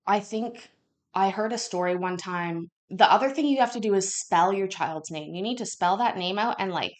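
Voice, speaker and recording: A woman's voice: medium pitch, moderate pace. A woman hosting a casual chat with viewers, rambling and acting out the quotes in her stories. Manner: rambling, chatty, acts out quotes. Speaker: channel host. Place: home kitchen.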